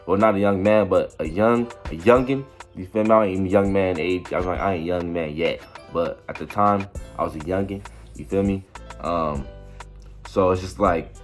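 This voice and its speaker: A man's voice: low voice, fairly quick, faint music behind. A young man telling a story in a casual, rambling way, full of slang and repeating "you feel me". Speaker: vlogger.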